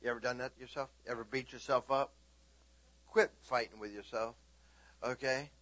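A man preaching a sermon, animated, swinging between loud exclaiming and hushed talk. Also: mid-range voice, moderate pace, no room sound.

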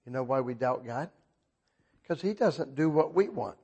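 An older man preaching a sermon in a husky voice, talking conversationally and asking the congregation frequent questions. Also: mid-range voice, expressive, moderate pace, dark tone, a little hiss or hum. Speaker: pastor.

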